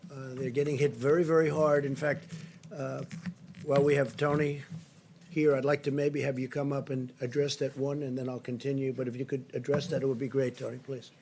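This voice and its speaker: A man's voice: mid-range voice, flat delivery, fairly quick, a little mellow, a little hiss or hum. An older man giving a press briefing at a podium microphone, repeating himself with emphatic superlatives. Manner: repetitive, emphatic, superlative-heavy delivery. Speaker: political leader giving a briefing. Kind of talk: spoken press briefing remarks. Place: briefing room.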